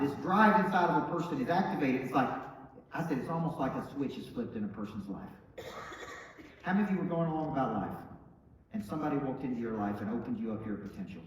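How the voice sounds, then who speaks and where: A middle-aged man with a Southern accent giving an emphatic motivational talk, dropping low and quiet, then rising loud and bold. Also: slight background noise. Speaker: motivational speaker. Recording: echoey hall, from far off.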